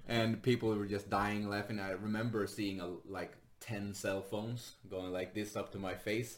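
A man's voice: lowish voice, fairly even intonation, normal speed, hardly any pauses, slight background noise. Laughing, swearing man telling a story. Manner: laughs often while telling stories, swears freely. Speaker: stand-up comedian guest. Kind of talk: casual storytelling chat. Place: Sweden.

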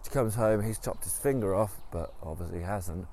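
A man's voice: deep voice, fairly quick, warm tone, a little hiss or hum. A man retelling a story in a casual, rambling way, with many ums and restarts. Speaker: podcast storyteller.

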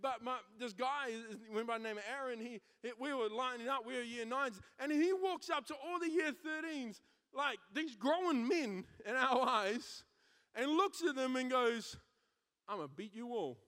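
A young man preaching a sermon, mixing scripture with a school story, energetic and emphatic with frequent restarts. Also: extremely high pitch, moderate pace, smooth. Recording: long hall reverb.

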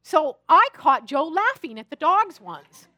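A woman preaches a sermon in a lively, chatty way, mixing humor into her stories. Her voice sits high and sounds bright. It is recorded close and dry, with no room sound. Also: unhurried, no echo. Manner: animated, chatty and humorous storytelling. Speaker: pastor.

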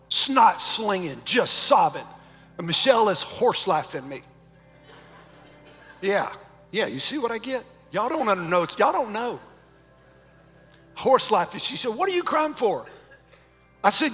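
A pastor preaching a sermon, moving between shouted calls and low, close talk. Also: male voice, breathy edge, in a large hall. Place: large church sanctuary.

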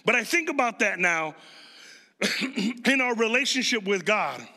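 An unhurried Chicago preacher in his thirties has a high, pushed, bright voice with lively intonation. He delivers a conversational sermon and quizzes the congregation, all ringing with a large hall's long reverb.

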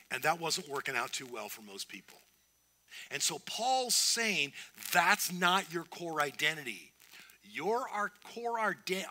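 A man's voice: a little high, bright, forceful tone. A man preaching a sermon as pastor, earnest and emphatic, often restarting his phrases.

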